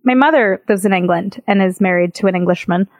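A woman's voice: mid-range voice, a little fast, no echo. A woman co-hosting a podcast, chatty and explaining at length, laughing easily. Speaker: podcast co-host. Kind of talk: casual chat.

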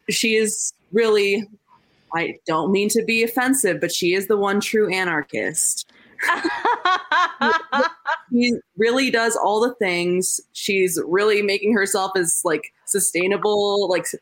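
A woman guest on a podcast in casual chat, rambling and filling her speech with "like". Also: mid-range voice. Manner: rambling, lots of "like" fillers.

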